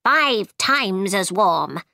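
A woman's voice: mid-range voice, big pitch swings, very slow, vocal fry, pushed and bright, no room sound, studio quality, heavily acted. A woman voicing a bossy, boastful queen in a storybook, with a firm, know-it-all manner.

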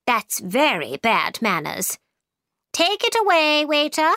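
A woman's voice: high voice, sing-song, slow pace, sharp tone, no echo, clean studio sound, pitched above the performer's own voice, full character voice. A woman voicing a bossy, imperious queen who gives commanding, clipped orders in a storybook reading.

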